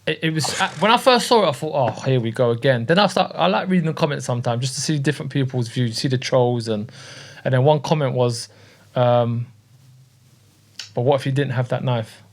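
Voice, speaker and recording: A man's voice: medium pitch, a little fast. A man hosting a podcast, laid-back and often repeating his words. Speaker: podcast host. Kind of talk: casual chat. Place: podcast studio.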